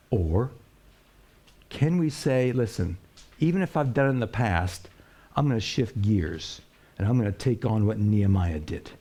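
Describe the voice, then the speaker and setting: A pastor preaching a sermon in a plain-spoken way, asking rhetorical questions and swinging between a raised voice and a hush. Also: male voice, mid-range voice. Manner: plain-spoken, with colloquial phrases.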